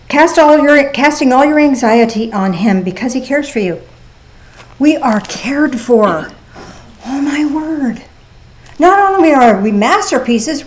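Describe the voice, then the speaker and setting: Woman preaching a chatty sermon. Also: high voice. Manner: conversational, with playful asides and rhetorical questions. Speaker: pastor. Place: church service.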